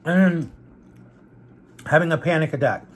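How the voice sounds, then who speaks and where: Chatty husky young man. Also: fairly high pitch, unhurried. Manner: chatty, animated retelling with quoted voices. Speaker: vlogger. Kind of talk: casual storytelling while eating.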